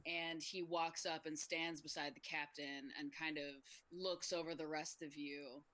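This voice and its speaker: A woman's voice: sits low, level tone, unhurried, pushed and bright. A woman player describing her tabletop game character in a chatty way, with uhs and likes.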